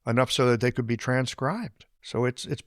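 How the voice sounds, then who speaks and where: A man hosting a podcast interview, speaking in a halting, reflective way. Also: mid-range voice, dry recording, clean studio sound. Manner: halting, many fillers and restarts, reflective. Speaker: podcast host.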